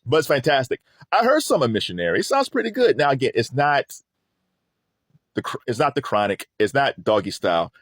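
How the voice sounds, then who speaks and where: Lively-pitched man riffing on pop culture. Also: fairly quick, dry recording, studio quality. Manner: animated, rambling, laughs often. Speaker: host. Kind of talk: casual pop-culture commentary.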